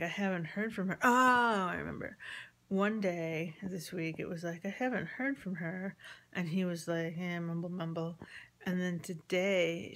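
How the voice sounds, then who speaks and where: A woman casually telling a personal story, rambling with many ums, acting out the conversations she quotes and sometimes dropping to a near-whisper. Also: on the low side. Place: at home with chickens nearby.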